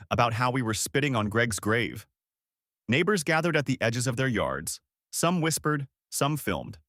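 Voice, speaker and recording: Male storyteller, dramatic first-person narration, animated pitch, dry close sound. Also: no echo.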